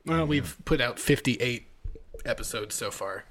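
Male co-host, medium voice, dry humor, relaxed banter. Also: mid-range voice, a little slow, a loud crowd. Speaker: podcast co-host. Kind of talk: casual chat over beers.

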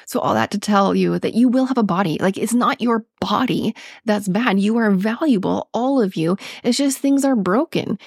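A woman with a Minnesotan accent hosts a solo health podcast, chatty and earnest. Her voice sits a little low. It comes through a close, dry mic with no room sound. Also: darkish tone, no room sound. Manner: chatty, earnest, laughs at herself. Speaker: podcast host.

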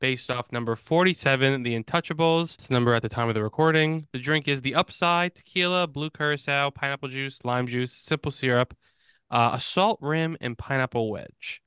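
A man co-hosting a movie podcast, chatting casually and reading out film stats with quick restarts. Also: medium pitch, fairly bright tone, clear, resonant tone, dry recording, studio quality. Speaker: podcast co-host. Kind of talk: casual chat.

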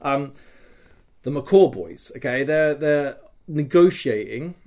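A man hosting a podcast, telling a long story in a casual, animated way, swearing freely and peppering his talk with "like" and "okay?". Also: fairly high pitch, slow pace. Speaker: podcast host recounting a live-action role-play weekend.

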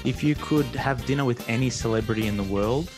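A man's voice: mid-range voice, brisk, over music. A young man hosting a sports interview podcast, eager and agreeable as he asks questions. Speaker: podcast host. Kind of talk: casual interview chat.

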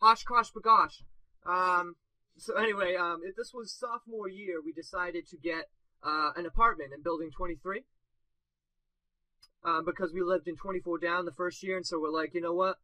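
A young man co-hosting a casual podcast, spinning long rambling anecdotes packed with fillers and bursts of laughter at his own jokes. His voice sits high and very bright. The sound is dry and close, with no room around it. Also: steady tone, normal speed, dry recording, low-quality recording. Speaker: podcast co-host. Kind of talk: casual storytelling.

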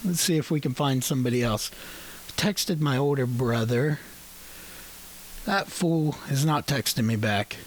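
A podcast host chatting on the phone in a loose, profane way, laughing often and rambling through restarts. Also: male voice, mid-range voice, unhurried, pauses often, slight background noise. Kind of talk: casual phone chat.

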